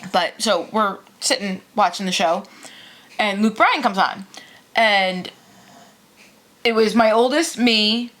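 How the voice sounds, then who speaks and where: A woman in her thirties tells family stories to her co-host in easy, chatty podcast talk. She laughs often and keeps the story moving. Her voice sits at a middling pitch. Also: slow pace, pauses often, a bit bright. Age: 30s. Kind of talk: casual chat.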